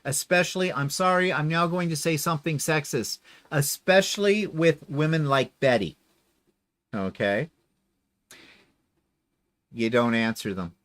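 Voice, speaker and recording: Man, quilting livestream host, casual chat, sarcastic, theatrical, very lively pitch, slightly high voice. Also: a little slow, pauses often. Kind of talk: casual livestream chat reading viewer comments.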